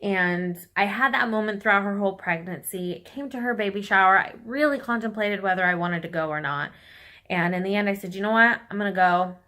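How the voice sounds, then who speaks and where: A woman's voice: medium pitch, brisk, bright, forceful tone. A young woman talking openly and with feeling to her viewers in a personal vlog, tearful at times. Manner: candid and heartfelt, talking straight to viewers. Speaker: vlogger.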